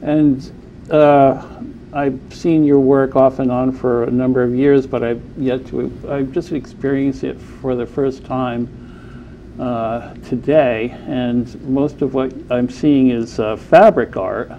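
A man hosting an interview, asking questions in a calm, affirming way. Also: medium pitch, takes it slowly, dull audio, slight background noise. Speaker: host.

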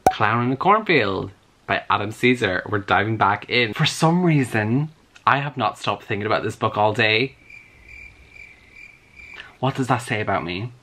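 A man chatting in a casual reading vlog, gushing and animated, with lots of "like" fillers, recorded on a camera at home. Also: mid-range voice, a little hiss or hum. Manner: gushing and animated, heavy use of "like". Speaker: book vlogger. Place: room at home, lights off at times.

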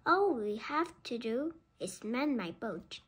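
A woman's voice: a little high, big pitch swings, slow pace, a bit bright, slightly rough, full character voice. Woman reading as an eager young boy sailor. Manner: eager, calling out. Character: brave young boy sailor looking for his father.

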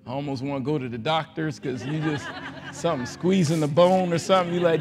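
A man preaching a folksy, joking sermon as pastor, acting out voices and rising into loud prayer. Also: on the high side, brisk, music in the background. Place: large church sanctuary.

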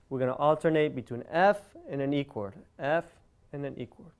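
A man's voice: fairly high pitch, fairly quick. A man giving a guitar lesson, explaining step by step and counting beats aloud over his own guitar playing. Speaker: guitar teacher.

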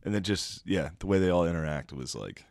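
A man's voice: sits low, fairly quick, darkish tone, no room sound, studio quality. A man co-hosting a podcast, telling stories in casual chat with crude jokes and laughs, acting out what others said. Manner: crude, laughing storyteller, acts out others' lines. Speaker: podcast co-host.

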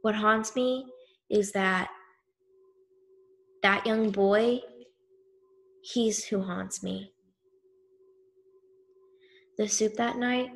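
A woman telling a story in the first person, slow and grave with weighty pauses. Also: mid-range voice, gravelly. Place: synagogue event.

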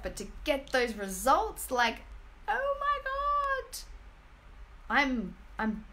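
A woman in her thirties speaking to her phone camera at home, earnest and gushing, halting often with fillers. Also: lowish voice, fairly bright tone, a little hiss or hum. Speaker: energy healing business team member. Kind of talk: emotional personal testimonial vlog. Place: home, indoors.

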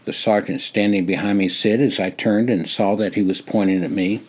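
An older man narrating his own memoir in a measured, plain storytelling voice. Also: on the low side, a little mellow. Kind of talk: reading a personal memoir.

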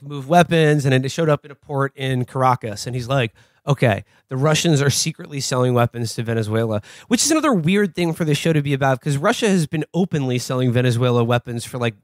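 A man's voice: on the high side, lively intonation, brisk, dry recording, clean studio sound. A man hosting a podcast, rambling through a casual TV recap, full of "like" and "you know". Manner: rambling, lots of "like" and "you know", laughs often. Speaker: podcast host.

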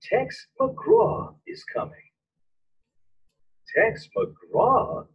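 A woman teacher reading a storybook aloud, putting on voices for excited children in a slow, raspy, swooping sing-song. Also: high voice, recorded from a distance, dull audio, voice pushed up, heavily acted.

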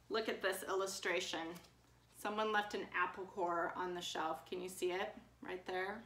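A woman teaching an online class for young children at home, speaking in a gentle, sing-song teacher voice into a webcam. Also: lowish voice, steady tone, moderate pace, slight background noise. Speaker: preschool teacher.

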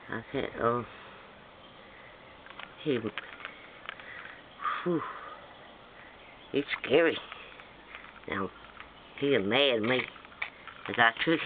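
A man rambling excitably in a casual outdoor home video, chanting a singsong rhyme as he shows off insects in the sand. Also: mid-range voice. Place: outdoors on sandy ground. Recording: tinny lo-fi phone-like sound with faint noise.

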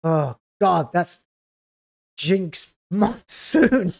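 A woman's voice: fairly low pitch, animated, a little slow. A woman hosting a video reaction, talking in a sarcastic, scathing way with exasperated groans. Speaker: YouTube reaction host.

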